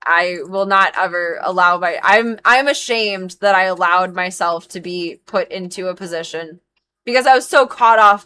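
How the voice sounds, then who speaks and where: Her voice on the low side, pushed and bright, a thirtysomething woman who streams and grooms dogs talks on a casual live stream. She speaks frankly and emphatically, with swearing scattered freely throughout.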